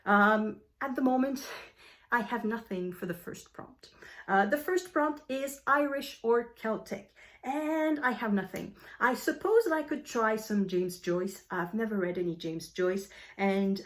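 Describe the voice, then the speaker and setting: A woman with a French accent chatting casually about her reading plans, a little out of breath, often correcting herself and filling pauses with ums. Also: medium pitch, a bit bright. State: slightly out of breath. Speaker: book vlogger. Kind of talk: casual book chat to camera.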